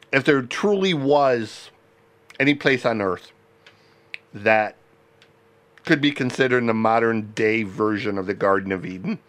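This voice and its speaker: A man hosting a podcast, talking in a rambling, halting way with many restarts and frequent laughter. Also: mid-range voice, fairly bright tone. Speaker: podcast host. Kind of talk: casual interview chat.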